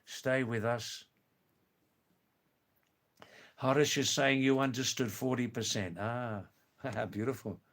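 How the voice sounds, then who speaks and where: Australian male streamer, unhurried and deliberate, mid-pitched, chuckles often while reading comments. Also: steady tone, a bit bright. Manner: slow, careful and clear, with frequent chuckles. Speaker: live stream host. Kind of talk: casual live-stream chat reading viewer comments.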